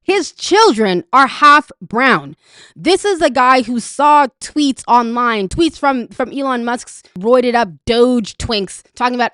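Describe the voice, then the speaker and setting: Canadian woman ranting about politics, swears a lot, sarcastic, higher voice, dry close sound. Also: animated, slow pace, fairly bright tone, no echo. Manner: angry, profane, sarcastic. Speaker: political commentator. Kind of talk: ranting reaction commentary.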